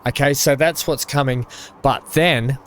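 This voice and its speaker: A man's voice: medium pitch, unhurried, a little hiss or hum. A man hosting a let's-play, giving casual, rambling commentary as he thinks aloud with plenty of fillers.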